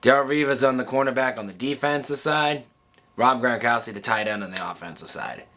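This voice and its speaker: A man talking casually to camera about football picks, halting with many pauses and restarts, and choked up at times. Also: medium pitch, bright, forceful tone. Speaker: sports vlogger. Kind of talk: casual emotional monologue.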